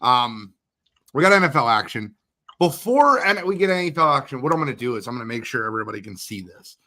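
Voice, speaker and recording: A man hosting a livestream draft watch party, hyped and talking quickly, shouting out guests and asking viewers to share. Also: medium pitch, sing-song. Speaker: host. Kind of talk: energetic livestream chat.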